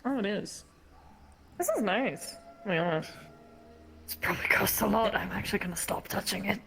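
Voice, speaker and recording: A woman's voice: medium pitch, expressive, moderate pace, vocal fry, a bit bright, soft background music. A woman chatting casually in a virtual roleplay world. She is polite and hesitant and uses many fillers. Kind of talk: casual chat.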